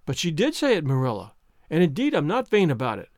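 A man voicing a chatty, dreamy, excitable orphan girl in a storybook reading, speaking in a gushing, romantic way. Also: on the high side, fast, no room sound, studio quality. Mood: eager.

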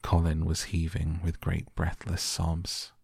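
A man narrating a classic novel as a soft bedtime audiobook, calm and measured. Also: sits low, vocal fry, slightly rough, dry recording, studio quality.

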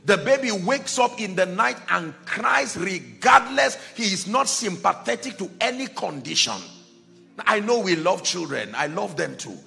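A man preaching a sermon as pastor, dramatic, dropping to a hush and rising to shouts, acting out the people in his stories. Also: high voice, expressive, measured pace, creaky, soft background music. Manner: acts out Bible characters in quoted dialogue.

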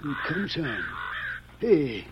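A folksy western sheriff with a plainspoken country drawl and a fairly high voice. It comes through a dull old radio recording with faint hiss. Classic 1940s radio acting. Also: male voice, big pitch swings, very slow, exaggerated voice.

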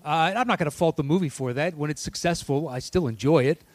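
A young man co-hosting a casual podcast, chatty and quick to laugh as he ranks movies. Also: a little high, no room sound. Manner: chatty, laughs easily, jokey asides. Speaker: podcast co-host. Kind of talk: casual movie-ranking chat.

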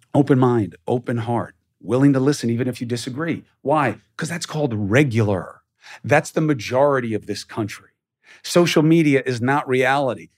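A man's voice: medium pitch, no room sound, studio quality. A man hosting a podcast, talking straight to his listeners in short, emphatic bursts and firing rhetorical questions at them. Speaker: podcast host. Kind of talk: direct-to-listener podcast monologue.

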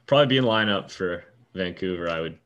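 A tired man co-hosting a casual sports podcast, chatting with dry, deadpan humor. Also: low-pitched, quick pace, lo-fi sound. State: tired and yawning. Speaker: podcast co-host. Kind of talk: casual chat.

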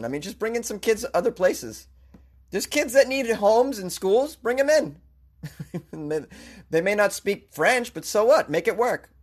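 A man joking his way through a news story, rambling with self-deprecating asides. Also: on the high side. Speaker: comedic news commentator. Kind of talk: comedic commentary on a news story.

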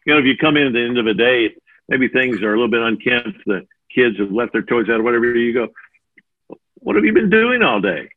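A man in his sixties who mentors preachers, answering interview questions in an animated way and acting out the voices he quotes. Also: mid-range voice, fast talker. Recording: phone-like narrow audio.

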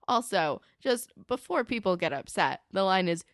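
A woman's voice: medium pitch, moderate pace, dry recording, clean studio sound. A young woman co-hosting a casual podcast, animatedly retelling a TV episode and acting out the lines. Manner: animated retelling with acted-out quotes. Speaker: podcast co-host recapping a TV episode. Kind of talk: casual chat.

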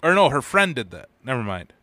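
A man's voice: mid-range voice, sing-song, brisk, bright, forceful tone, dry recording. A man with an Upper Midwest American accent, co-hosting a casual podcast and telling crude, rambling stories full of swearing. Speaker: podcast co-host.

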